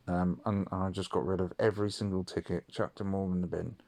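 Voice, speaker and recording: Deep-voiced sweary man. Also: little pitch movement, fairly quick, few pauses, darkish tone. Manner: rambling, sweary, lots of ums. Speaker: audio diarist. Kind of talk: casual storytelling monologue.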